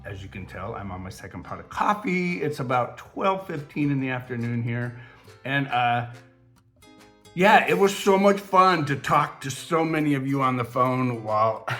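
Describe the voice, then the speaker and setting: A man's voice: mid-range voice, a bit bright. A man hosting a casual crafting tutorial vlog from his craft table, rambling and chatty with lots of fillers. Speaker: crafting channel host.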